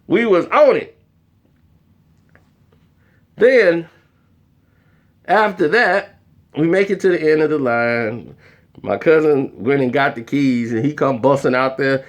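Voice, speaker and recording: Animated man telling a funny story. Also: sits high, slow, pauses often. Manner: animated, acts out voices. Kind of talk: comedic storytelling.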